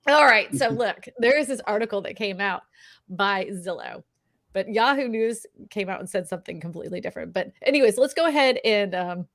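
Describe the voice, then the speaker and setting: A woman hosting a casual live stream, upbeat and quick to laugh, talking with many fillers and restarts. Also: mid-range voice, expressive, fairly bright tone. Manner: laughs often, upbeat and chatty; filler-heavy, restarts often. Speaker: real estate live stream host.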